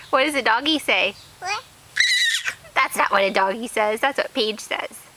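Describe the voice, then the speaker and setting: A woman's voice: high-pitched, pushed and bright, a little hiss or hum. A woman filming her toddler outdoors at home, coaxing her with playful, laughing questions in sing-song baby talk on a home video camera.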